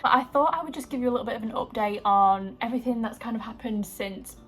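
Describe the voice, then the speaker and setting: A woman's voice: fairly high pitch, quick pace, faint music behind. A young woman, chatting to camera in a gushing, bubbly video-diary style with frequent laughs. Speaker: lifestyle vlogger.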